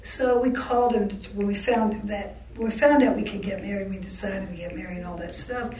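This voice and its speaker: A woman's voice: medium pitch, steady tone, fairly quick, mellow. A blunt, outspoken woman recounting her family life as an interviewee in an oral history. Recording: roomy echo, distant mic, faint background noise.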